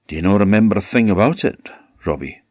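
An Orcadian storyteller voicing a startled village undertaker who stammers when flustered. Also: male voice, on the low side, lively intonation, fast talker, no echo, dull audio, pitched above the performer's own voice. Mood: puzzled. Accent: Orcadian Scottish.

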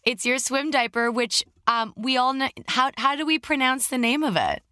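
Woman podcast host, bright reactive interviewer, lively high voice, dry close sound. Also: dry recording. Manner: enthusiastic, quick gasps and reactions.

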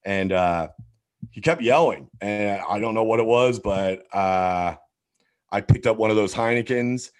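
A man's voice: lowish voice, unhurried. A man telling a wild story in casual chat, swearing freely and acting out what people said. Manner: animated, swears constantly, acts out quotes.

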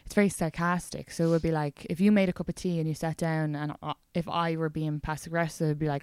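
A woman with an Irish accent, from Ireland, hosting a casual podcast chat and trading quick replies. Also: deep voice, steady tone, a little mellow, clean tone, no echo. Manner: chatty, quick back-channel replies. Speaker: podcast host.

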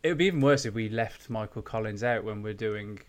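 A man's voice: on the low side, fairly quick, a crowd in the background. A man from England hosting a podcast in casual chat, self-deprecating and hesitant, often restarting his sentences. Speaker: podcast host presenting the topic.

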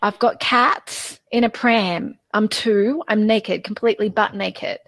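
A woman in her forties, a guest in a personal interview, speaking haltingly and repeating words as she opens up. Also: mid-range voice, fairly even intonation, a bit bright, no room sound. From Australia.

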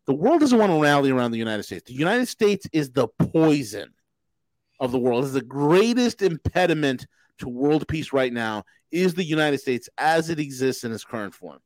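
Animated ranting male podcast host. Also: fairly high pitch, moderate pace, dry recording. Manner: emphatic, repetitive, restarts mid-sentence. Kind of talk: casual political rant.

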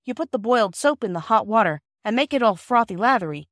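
A woman playing a thoughtful, grown-up-minded girl who speaks gently and a little primly. The voice is dry and close, as in a children's audiobook. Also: on the high side, animated, fast, no echo. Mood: earnest. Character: earnest, careful eldest girl.

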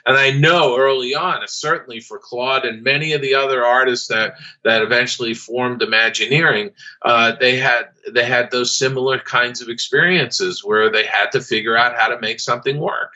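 A man with a bright, forceful voice tells a long story as a podcast guest. He often stops and restarts with plenty of fillers, and the recording sounds dull and lo-fi. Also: mid-range voice, steady tone. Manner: halting, with many fillers and restarts. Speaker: guest, former studio artist. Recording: dull lo-fi audio.

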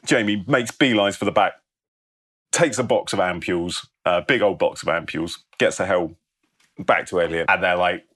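Deep-voiced man telling a story animatedly. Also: moderate pace. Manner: animated storyteller, swears freely, acts out characters' lines. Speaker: podcast co-host pitching a film story. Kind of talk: casual comedic chat.

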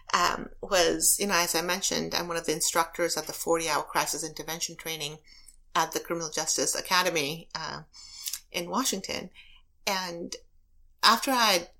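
A woman's voice: on the low side, sharp tone. A woman who is a prosecutor and elected official, answering interview questions with earnest, emphatic personal stories.

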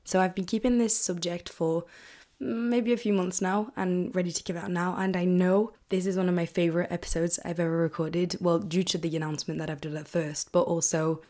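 A young woman from England hosts her own podcast, talking casually to listeners in a chatty, excitable way. Her voice sits a little low, and she drifts into rambling asides. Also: brisk. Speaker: podcast host. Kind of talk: casual solo podcast chat.

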